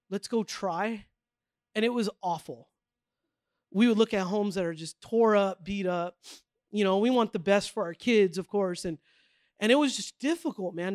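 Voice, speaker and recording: Middle-aged guy preaching, high voice, dry close sound, chatty storytelling with lots of man and okay. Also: no room sound. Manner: conversational storytelling with filler words like man and okay; acts out quoted voices with big pitch swings. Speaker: pastor. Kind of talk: sermon.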